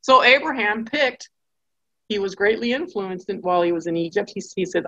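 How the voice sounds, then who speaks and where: A woman teaching a Bible study class in a lively storytelling style, acting out the people in her stories. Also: mid-range voice, moderate pace, muffled recording. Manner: acts out characters' voices in quotes.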